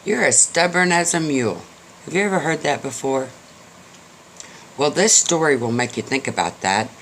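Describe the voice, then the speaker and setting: An older man spins a folksy story in a chatty, joking way. His voice sits at a middle pitch, with a faint hiss of noise under the recording. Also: a bit bright. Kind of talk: casual storytelling.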